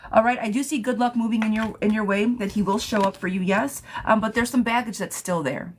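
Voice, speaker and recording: A woman's voice: fairly high pitch, fairly even intonation, fairly quick, a little hiss or hum. A young adult woman giving a casual live tarot reading, chatty, laughing often and swearing lightly. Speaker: tarot reader. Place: home, streaming live.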